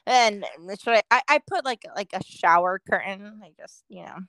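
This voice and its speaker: A woman's voice: medium pitch, animated, normal speed, a bit bright, no room sound, low-quality recording. A woman in her forties from Southern California, co-hosting a podcast in casual, profane chat and laughing often. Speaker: podcast co-host.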